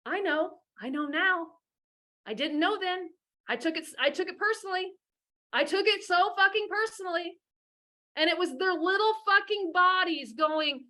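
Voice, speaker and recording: Woman, middle-aged, high voice, bright and forceful tone, swearing, emphatic advice talk. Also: lively intonation, normal speed. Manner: profane, fiery and emphatic. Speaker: divorce coach. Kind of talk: blunt advice monologue.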